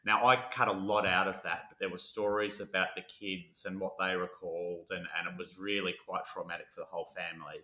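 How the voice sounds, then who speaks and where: A man's voice: sits low, flat delivery, brisk, few pauses, pushed and bright, reverberant. A man co-hosting a true crime podcast, reading case notes aloud between jokes and laughs. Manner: jokey, laughs often, reads story aloud. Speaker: podcast co-host.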